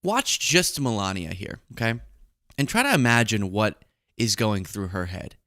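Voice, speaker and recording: A young man hosting political commentary, sarcastic and animated, on a close mic. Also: lowish voice, moderate pace, dry recording. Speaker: commentary host.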